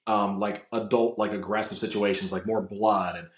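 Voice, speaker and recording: With a lowish, level-toned voice at normal speed, a Florida man guesting on a podcast rambles through long personal stories. The casual chat is riddled with fillers and restarts, captured with roomy echo.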